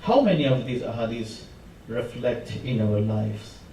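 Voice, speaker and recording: Male preacher, mellow dark tone, impassioned delivery, distant mic in a reverberant mosque hall. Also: medium pitch, lively intonation, a little slow, a little hiss or hum. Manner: impassioned, rising emphasis on repeated phrases. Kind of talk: sermon. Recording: echoey hall, mic from far off.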